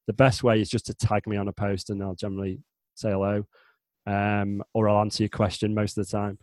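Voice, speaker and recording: A man's voice: lowish voice, level tone, brisk, a little mellow, no room sound. A man in his forties from the north of England with a Northern English accent, talking casually as an interview guest in a rambling way with many restarts. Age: 40s. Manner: chatty, rambling, frequent restarts and self-corrections. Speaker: guest, chatbot developer.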